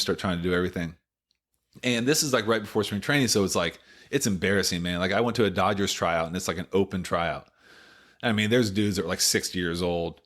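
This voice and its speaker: A man in his late thirties with a notably deep, low-pitched voice, telling a long personal story in a relaxed podcast interview. He rambles through it, stacking up "like" and "you know" and restarting his sentences as he goes. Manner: rambling, filler-heavy retelling full of "like" and "you know". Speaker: former baseball pitcher, podcast guest.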